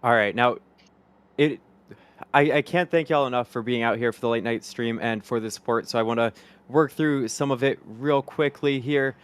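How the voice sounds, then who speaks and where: A livestream host reads out viewers' super chats and thanks supporters upbeatly. He has a mid-range voice, a moderate pace and a clean tone.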